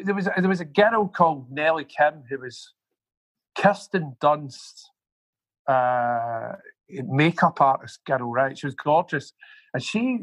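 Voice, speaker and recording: Man, husky voice, fairly high pitch, profane rambling storyteller, interview guest. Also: a bit bright, dry recording, rough recording. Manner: profane, rambling anecdotes with frequent asides. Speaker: music manager guest.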